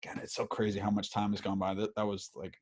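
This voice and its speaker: A podcast host in his thirties tells a story in casual, animated chat, swearing a lot and using many fillers. His voice is fairly low and slightly rough, and he talks quickly.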